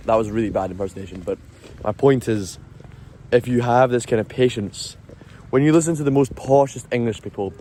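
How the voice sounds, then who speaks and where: A man's voice: mid-range voice, moderate pace, dark tone. A man talking casually to camera as a travel vlogger on a city street at night, rambling and explaining with lots of restarts.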